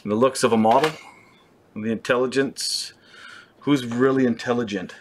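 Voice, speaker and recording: A man's voice: medium pitch, fairly even intonation, normal speed, slight background noise. A young man hosting a fly-tying show, who keeps it casual and makes playful, self-mocking jokes as he works. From British Columbia, Canada. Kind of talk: casual joking tutorial.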